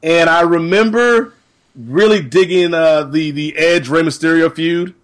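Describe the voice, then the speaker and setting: A man's voice: on the high side, unhurried. A man co-hosting a podcast, giving his opinion in a thoughtful, conversational way. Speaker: podcast co-host. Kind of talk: casual chat.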